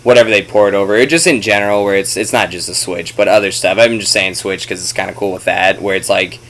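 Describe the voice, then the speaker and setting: Chill host guy, lowish voice, rambles and swears, faint noise. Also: fast, a bit bright. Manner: laid-back, profane, rambling storyteller. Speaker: podcast host. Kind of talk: casual chat.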